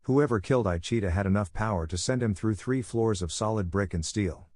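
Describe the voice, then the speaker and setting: A man reads a fan-fiction story in a steady, even storytelling voice. His register is low, and the close, dry recording has no room sound. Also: fairly quick, dry recording. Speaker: narrator. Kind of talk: scripted fan-fiction narration.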